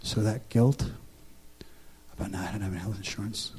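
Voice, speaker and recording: A man preaching in a church, moving from hushed storytelling to loud, fervent altar-call exhortation. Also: fairly low pitch, fairly even intonation, normal speed, slightly rough. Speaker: pastor. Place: church service with music behind.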